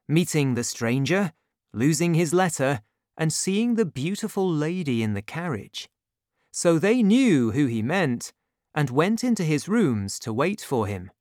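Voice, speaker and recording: A narrator reading a storybook aloud in a clear, even storytelling manner. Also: medium pitch, no room sound, studio quality.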